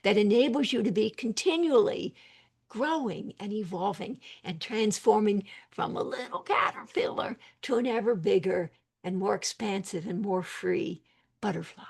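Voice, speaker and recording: An older woman psychiatrist talking in an animated, emphatic way over a video call interview, with quick asides. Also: mid-range voice, creaky, breathy edge.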